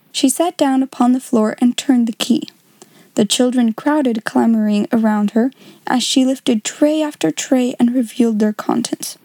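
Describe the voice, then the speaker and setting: A woman reading a storybook aloud in a measured, expressive way. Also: on the high side, no room sound.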